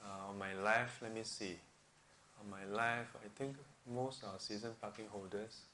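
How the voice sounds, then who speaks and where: A man's voice: fairly low pitch, a bit bright, a little hiss or hum. A man with a partly blocked nose, chatting casually and laughing often as he leads a weekly group in a room. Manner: chatty, laughs often, uses local English phrasing. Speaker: teacher leading a weekly group. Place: room with an audience.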